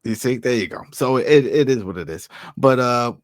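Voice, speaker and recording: A man's voice: medium pitch, moderate pace, dry recording, studio quality. A man with a heavy Brooklyn New York accent, co-hosting a casual podcast chat and acting out little quotes as he talks. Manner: animated, acts out quotes in shifted voices. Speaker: podcast co-host.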